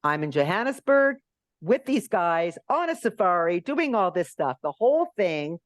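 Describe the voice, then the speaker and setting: A woman in her sixties, a podcast guest and author, telling lively anecdotes in an interview. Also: normal speed, dry recording, clean studio sound. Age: 60s. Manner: animated, acts out quotes in high voices.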